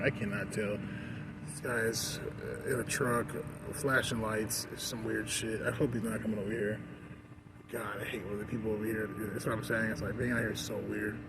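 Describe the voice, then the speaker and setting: A man's voice: lowish voice, background noise. A man venting in a casual vlog rant, rambling with many fillers, recorded outdoors in a park. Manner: rambling, frequent "like" and "you know". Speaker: vlogger. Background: outdoor ambience and passing vehicles.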